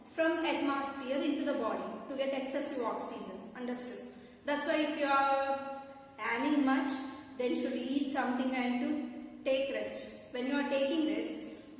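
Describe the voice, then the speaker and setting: A woman with a Telugu-influenced Indian English accent teaching a school science lesson, repeating points and checking whether students understood. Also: sits high. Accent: Indian English, Telugu-speaking. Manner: repetitive, checks understanding with questions. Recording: echoey room from far off.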